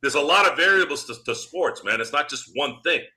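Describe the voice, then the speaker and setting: A man's voice: on the high side, lively intonation, fairly quick, bright, forceful tone. A man hosting a sports podcast, delivering a heated, profane rant and jabbing at his critics. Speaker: podcast host.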